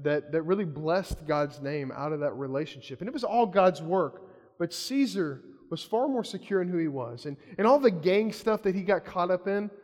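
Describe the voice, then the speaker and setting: A male pastor preaching a sermon in a lively, conversational storytelling manner. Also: high voice. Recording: long hall reverb.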